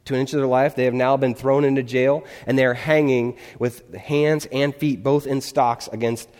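A man's voice: mid-range voice, steady tone, normal speed, a little mellow. A male pastor giving a conversational sermon in a church, often checking in with his listeners. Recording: long hall reverb.

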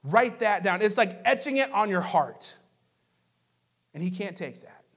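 High-voiced man preaching with lively storytelling. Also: unhurried. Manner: lively storytelling with conversational asides. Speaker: pastor. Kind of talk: sermon.

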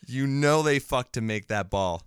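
A man's voice: mid-range voice, lively intonation, a little slow, clean tone, dry recording, clean studio sound. A man co-hosting a casual movie podcast, sarcastic and playfully smug, swearing freely. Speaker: podcast co-host.

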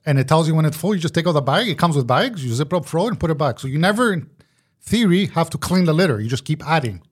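A man's voice: on the high side, lively intonation, quick pace. A young man co-hosting a podcast, chatting casually, joking and laughing often. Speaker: podcast co-host. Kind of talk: casual chat.

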